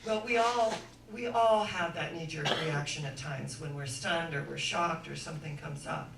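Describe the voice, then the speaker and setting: A woman giving an inspirational sermon-style talk, telling stories dramatically and swinging from hushed to loud. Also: low-pitched, normal speed, gravelly, background noise. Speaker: inspirational speaker. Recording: echoey room, voice from far off.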